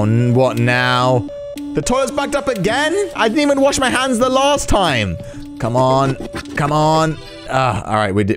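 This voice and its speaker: A man giving casual gameplay commentary with exaggerated reactions, sarcasm and swearing. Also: medium pitch. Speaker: gaming channel host.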